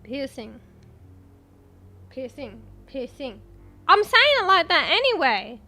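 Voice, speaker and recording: A woman's voice: high-pitched, sing-song, slow, pushed and bright, a little hiss or hum. A young Australian woman chatting casually with her stream chat while gaming, swearing freely and offhand.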